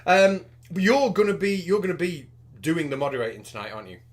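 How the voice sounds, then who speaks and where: A man's voice: a little high, a little fast. A man hosting a debate livestream, chatty and rambling, with a self-deprecating manner. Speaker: debate host.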